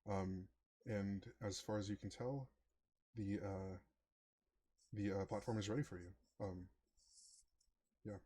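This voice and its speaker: Man, game master, low voice, hesitant, many fillers. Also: fairly even intonation, unhurried, long pauses, mellow, slightly rough. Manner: hesitant, many ums and uhs. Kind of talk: narrating a tabletop game online.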